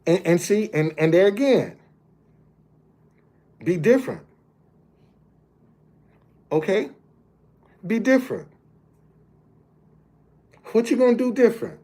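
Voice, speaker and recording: A mellow, high-pitched, sing-song voice delivers this slow monologue full of long pauses. The speaker is a man in his fifties or older, a motivational speaker sharing a personal tale, talking plainly to his audience and pausing to repeat words as he develops his point.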